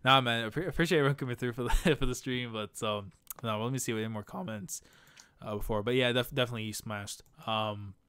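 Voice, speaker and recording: A man's voice: mid-range voice, fast talker, fairly bright tone, clear, resonant tone. A man hosting a casual live stream, laughing often and reading chat comments aloud. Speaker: stream host.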